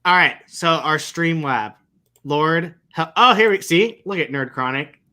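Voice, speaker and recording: A man's voice: a little high, unhurried, pushed and bright. A man co-hosting a podcast in easygoing casual chat, with frequent hesitations. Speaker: podcast co-host.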